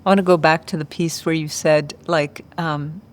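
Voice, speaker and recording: A woman hosting a podcast interview, listening with quiet affirmations and asking follow-up questions. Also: sits low, fairly even intonation, moderate pace. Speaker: podcast host. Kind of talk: interview conversation.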